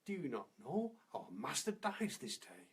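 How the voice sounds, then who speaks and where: A man's voice: medium pitch, wildly swooping pitch, unhurried, husky, full character voice. A man voicing a loyal farm dog in a storybook fable, worried and reproachful.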